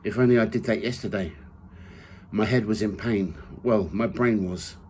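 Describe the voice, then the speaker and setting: A man reading from his own memoir in the first person, measured and steady. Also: lowish voice, a little hiss or hum, low-quality recording. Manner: measured reading, rising loud for quoted shouts.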